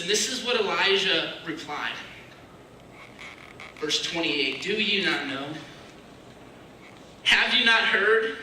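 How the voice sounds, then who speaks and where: A man giving a casual, searching sermon, dropping to a hushed voice when he voices other people's prayers. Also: high-pitched, a little slow. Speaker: preacher. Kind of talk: conversational sermon. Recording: echoey room, mic far off, faint hiss.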